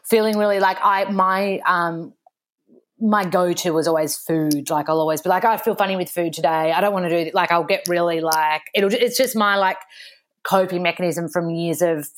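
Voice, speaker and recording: An Australian woman, a young adult, guesting on a casual podcast chat, telling lively stories full of "like" and acting out both sides of quoted exchanges. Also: fairly low pitch, moderate pace. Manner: chatty storytelling, acting out quoted exchanges, frequent "like".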